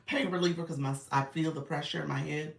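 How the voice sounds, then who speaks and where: A middle-aged woman hosting a casual live stream, congested and clearing her throat, chatting and laughing with her viewers. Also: sits low, steady tone, a little fast, reverberant, distant mic. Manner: chatty, laughs often, addresses viewers as y'all. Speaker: live stream host and creator coach.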